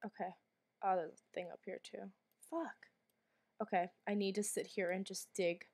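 A sick woman coughing through her let's play commentary, mid-pitched and ordinary in tone. She reacts in a jumpy, anxious way, swears freely and slips into hushed whispers when things get tense. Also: little pitch movement, normal speed, slightly rough. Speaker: gamer streamer.

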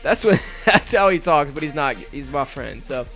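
Excitable high-voiced young man commentating. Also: normal speed. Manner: excitable, swears freely, laughs at himself. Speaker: gaming video narrator. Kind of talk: casual commentary over a game battle. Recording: faint music underneath.

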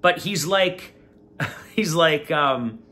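A man hosting his own channel, casually commenting on an interview and speaking directly to his viewers in a preachy, animated way. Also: fairly high pitch, extremely slow. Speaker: vlogger, channel host.

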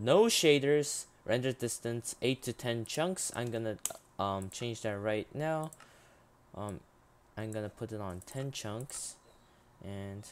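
A man hosting a game let's play, chatting and reading the on-screen text aloud, halting with frequent ums. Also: lowish voice, clear, resonant tone. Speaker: gaming channel host.

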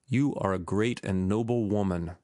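A man reading the part of a young former sailor who speaks gently and firmly, in measured audiobook dialogue. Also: lowish voice, dry recording, studio quality, close to an everyday voice. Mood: gentle.

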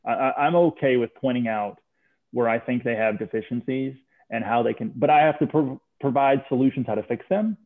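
A man's voice: mid-range voice, fairly quick. A man taking part in a group call, speaking earnestly with stumbling restarts. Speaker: book club participant. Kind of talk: casual group call discussion. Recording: tinny phone-like line.

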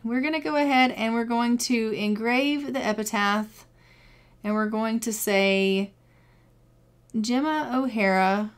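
Female let's-play narrator, slightly high pitch, casual and chatty, walking viewers through each step. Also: measured pace, smooth. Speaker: gameplay commentator.

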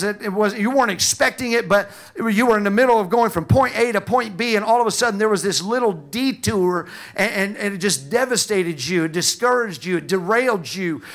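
A man preaching a sermon as pastor of a church, with a Southern Illinois accent, emphatic and repetitive, building to loud passages. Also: high-pitched. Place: church sanctuary.

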